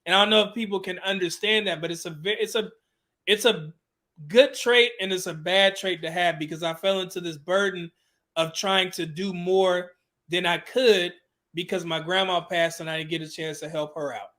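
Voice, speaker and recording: A man's voice: high-pitched, fairly even intonation, normal speed, bright, forceful tone. A man telling a candid personal story in an interview, casual and loose, with many fillers and some swearing. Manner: casual, with frequent "you know" fillers and swearing.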